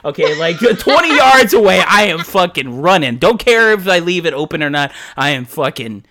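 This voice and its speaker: A man's voice: a little high, very animated, moderate pace, pushed and bright. A man co-hosting a podcast, telling a story in a casual, profane way and acting out his own reactions. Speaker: podcast co-host.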